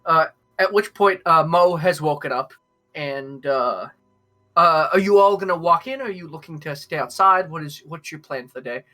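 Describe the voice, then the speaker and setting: A young man running a tabletop game as game master, talking in halting stretches with many fillers. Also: on the high side, sharp tone, faint music behind. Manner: hesitant, many fillers and restarts.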